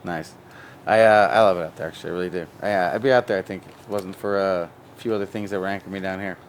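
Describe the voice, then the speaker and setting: Rambling, joking low-voiced man. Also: fairly even intonation, racing, a little hiss or hum. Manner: rambling, joking, laughs often. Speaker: cannabis breeder and show guest. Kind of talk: casual podcast chat.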